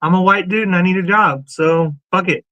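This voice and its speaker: A man's voice: high voice, fairly quick, sharp tone, dry recording, lo-fi sound. A man co-hosting a podcast, blunt and wisecracking in casual banter. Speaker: podcast co-host.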